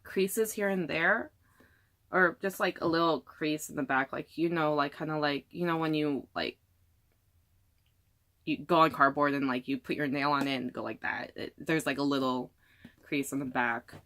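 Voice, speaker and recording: A woman's voice: sits low, normal speed, a bit bright. A young woman talking casually in an unboxing vlog, rambling with lots of fillers. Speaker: vlogger.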